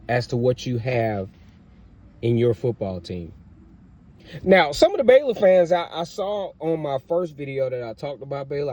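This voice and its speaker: A man hosts a casual football podcast. He talks in an emphatic, fan-hype way, circling back to the same points and pushing them harder. His voice sits at a mid pitch. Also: warm tone, a little hiss or hum. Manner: emphatic, repetitive fan hype with rising outbursts. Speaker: sports podcast host. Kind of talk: casual sports commentary monologue.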